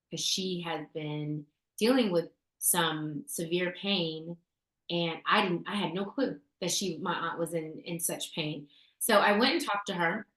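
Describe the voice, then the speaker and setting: A woman's voice: lowish voice, fairly bright tone. Chatty woman in a roomy space. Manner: chatty, storytelling, frequent fillers and restarts. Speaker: podcast co-host sharing essential oil tips. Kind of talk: casual chat. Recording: roomy echo.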